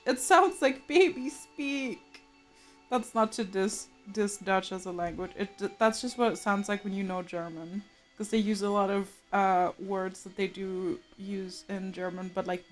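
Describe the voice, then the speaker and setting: A woman streaming live, chatting casually and laughing often while she mutters to herself over her drawing. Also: lowish voice. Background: soft game music.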